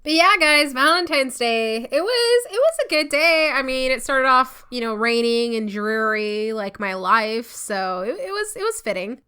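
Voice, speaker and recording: A woman's voice: sits high, very animated, moderate pace, hardly any pauses, sharp tone, smooth. A woman co-hosting a podcast, telling stories in casual chat and laughing often. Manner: chatty storyteller, laughs often. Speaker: podcast co-host.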